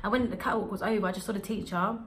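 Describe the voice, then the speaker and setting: Fast-talking young woman vlogger. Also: medium pitch, a little hiss or hum. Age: young adult. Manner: animated, slangy storytelling. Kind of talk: storytime vlog.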